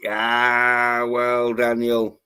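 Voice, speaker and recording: A man's voice: mid-range voice, completely flat delivery, extremely slow, bright, forceful tone, clear, resonant tone. A man hosting a casual livestream chat, swearing freely and reading out viewer comments. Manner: crude, swears freely, reads chat aloud. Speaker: livestream host.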